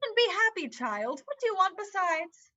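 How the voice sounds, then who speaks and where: A woman's voice: extremely high pitch, big pitch swings, moderate pace, pushed and bright, heavily acted. A woman voicing a flustered, fussing mother in an amateur online play reading, evasive and bustling. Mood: coaxing. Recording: dull lo-fi sound.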